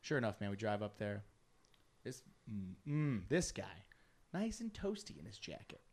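A man telling a long story in casual chat, animated, laughing often and acting out his friends' lines. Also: fairly low pitch, moderate pace.

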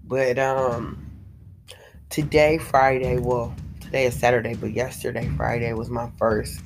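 A worn-out woman with a hoarse voice talks casually and profanely to her viewers, rambling with plenty of fillers. Faint music plays behind her. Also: extremely low pitch, level tone, unhurried. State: tired and hoarse after a week of illness. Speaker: vlogger.

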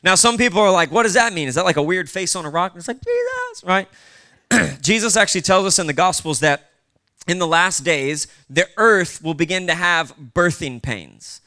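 Bright, clear-voiced preacher man. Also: high-pitched, moderate pace. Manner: casual, conversational preaching with asides. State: short on sleep. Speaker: pastor. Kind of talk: sermon.

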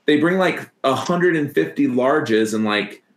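A man's voice: mid-range voice, lively intonation, a little slow. A man co-hosting a podcast in casual chat, rambling with lots of fillers and laughing often. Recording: echoey room.

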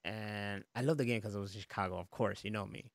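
A relaxed man talks through video games in a loose, rambling way, laughing and swearing casually. His voice sits a bit low. The sound is dry and close, with no room echo. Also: quick pace, gravelly. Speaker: podcast co-host. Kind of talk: casual chat.

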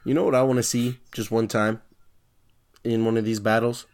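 A man's voice: mid-range voice, little pitch movement, normal speed, darkish tone. A young man co-hosting a podcast, rambling casually in laid-back, slangy talk. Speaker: podcast co-host. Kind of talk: casual chat.

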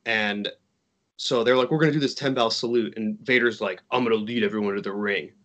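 A man's voice: fairly low pitch, brisk, a bit bright, highs cut off. Rambling man telling a story. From Chicago. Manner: rambling, many likes and restarts. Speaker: podcast guest, wrestler. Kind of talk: casual storytelling chat.

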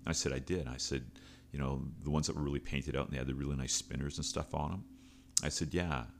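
Very deep-voiced storytelling man. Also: fairly even intonation, quick pace, slight background noise. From Canada. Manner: conversational, frequent uh fillers and restarts. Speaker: podcast host and coach. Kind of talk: storytelling monologue.

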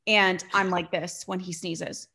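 Young female podcast host, lowish voice, chatty and animated, heavy on fillers. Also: measured pace. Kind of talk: casual chat.

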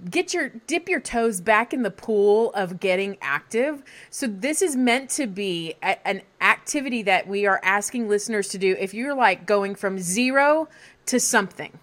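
A woman's voice: medium pitch, a bit bright. Bubbly woman podcast co-host. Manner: bubbly, enthusiastic. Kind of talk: casual podcast chat.

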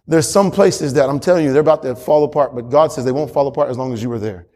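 A man's voice: mid-range voice, fast, dark tone. Man preaching in a reverberant hall. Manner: emphatic preaching with repetition and chuckles. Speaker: pastor. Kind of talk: sermon.

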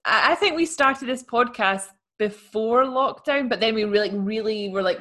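A young woman co-hosting a podcast over a video call, talking in a playful, animated way and laughing while she speaks. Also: fairly high pitch, normal speed, hardly any pauses. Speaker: podcast co-host. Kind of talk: casual chat.

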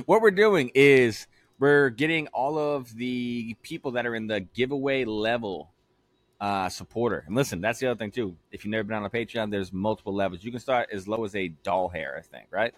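A man's voice: medium pitch, animated, normal speed, dry recording. A young man co-hosting a casual podcast, loose, joking and swearing freely. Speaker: podcast co-host.

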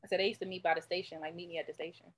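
A woman's voice: lowish voice, little pitch movement, very fast, a little hiss or hum. A woman with a Maryland accent in casual chat, teasing and laughing often. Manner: teasing, laughs a lot, drawling.

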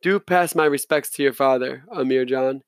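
A man's voice: medium pitch, normal speed, clean tone, no echo, clean studio sound, lightly acted. A man voicing an older Afghan general who speaks with thin politeness and veiled menace. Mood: veiled threat.

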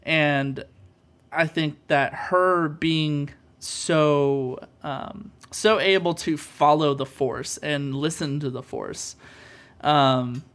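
A man's voice: on the high side, steady tone, extremely slow, fairly bright tone. Earnest rambling podcast co-host man. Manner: earnest, rambling with many fillers. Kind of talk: casual chat about films.

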